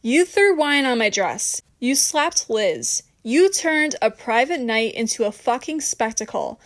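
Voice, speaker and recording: A woman voicing a calm, cold, composed young woman who speaks firmly and gives no ground. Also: a little high, measured pace.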